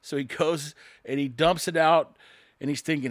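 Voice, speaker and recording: A man's voice: on the high side, steady tone, moderate pace, no echo, clean studio sound. A man, a construction worker, in a sarcastic, rambling opinion monologue to his viewers.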